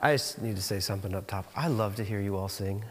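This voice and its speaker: A man preaching a sermon in a church, telling stories in an animated way with frequent restarts. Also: lowish voice, big-room sound. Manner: animated storytelling, halting restarts. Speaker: pastor. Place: church auditorium.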